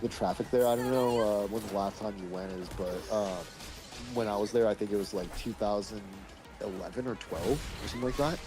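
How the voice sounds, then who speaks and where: A man with a fairly low voice chatting loosely on a live stream. He rambles through his stories, stacking up filler words and casual swearing. He talks like he's hanging out with a friend. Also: fairly quick, over music. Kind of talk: casual chat.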